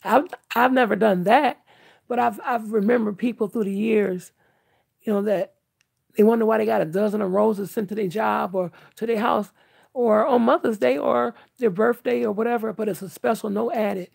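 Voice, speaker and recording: A woman's voice: on the high side, steady tone, moderate pace, creaky, darkish tone, slightly rough, no room sound. An older woman talking candidly to her viewers in an earnest, emphatic, outspoken way. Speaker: vlogger.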